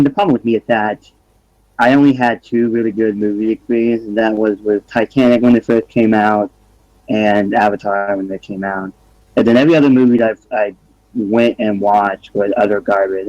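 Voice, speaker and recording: A man's voice: on the low side, a little mellow, no room sound. Blunt, profane man on a dull mic. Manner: blunt and profane, filler-heavy. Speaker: hangout guest. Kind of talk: casual online hangout chat.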